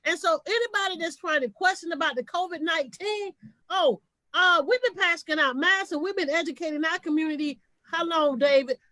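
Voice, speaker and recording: A woman's voice: extremely high pitch, brisk, bright, forceful tone, no echo. A woman activist speaking emphatically and passionately in a podcast panel over a video call.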